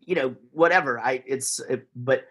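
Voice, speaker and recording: A man's voice: medium pitch, moderate pace, a bit bright, slightly rough. A man with a Texan accent, chatting casually as a podcast guest, rambling with lots of fillers and restarts. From Texas, USA.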